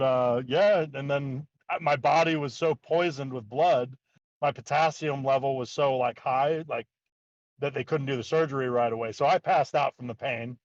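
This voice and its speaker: A man's voice: mid-range voice, normal speed, no room sound. Male guest, chatty and loose, keeps saying "like", acts out the other voices; dry, slightly lo-fi recording. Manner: rambling, heavy use of "like", acts out quotes. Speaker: guest, BMX park builder. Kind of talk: casual storytelling.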